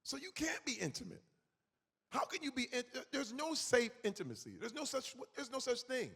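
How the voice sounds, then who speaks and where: A man in his forties speaking as a guest in an on-stage conference conversation, emphatic and animated. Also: very high voice, moderate pace, vocal fry, slightly rough. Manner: animated, acts out quoted voices, emphatic. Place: conference hall. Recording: reverberant hall.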